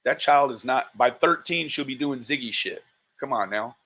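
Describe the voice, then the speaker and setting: An exasperated man doing live-stream commentary. He swears often and drags out his disbelieving exclamations. His pitch sits in the middle range for a man. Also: moderate pace, sharp tone.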